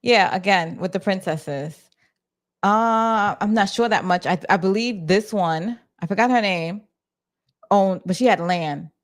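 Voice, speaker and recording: A woman from New York with a New York accent, chatting casually on a livestream to her viewers from her office. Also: medium pitch. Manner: chatty, talks to her chat, restarts and fillers. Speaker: livestream host.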